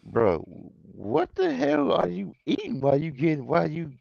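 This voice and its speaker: A man's voice: fairly high pitch, huge pitch swings, moderate pace, vocal fry, darkish tone, no room sound, lo-fi sound. A man in a casual basketball chat, slangy, calling people fam and bro.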